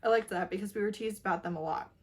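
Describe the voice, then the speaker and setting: A woman chatting casually in a book review vlog, gushing and animated, laughing often. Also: medium pitch, fast.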